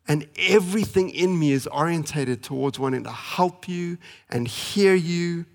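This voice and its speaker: A man in his thirties preaching a sermon as pastor, earnest and pleading, slowing for emphasis and speeding through family stories. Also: a little high. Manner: earnest, pleading, with slow emphatic pauses and fast anecdotes.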